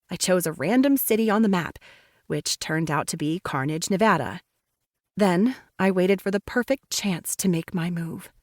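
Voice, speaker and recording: A woman's voice: on the low side, dry recording. Woman narrator, first-person romance audiobook, dramatic and intense, dry close mic.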